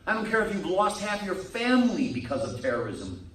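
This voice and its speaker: Lively priest preaching in an echoey room. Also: male voice, high-pitched, fairly quick, distant mic, a little hiss or hum. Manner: lively preaching, acts out quoted people. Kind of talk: sermon. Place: meeting room.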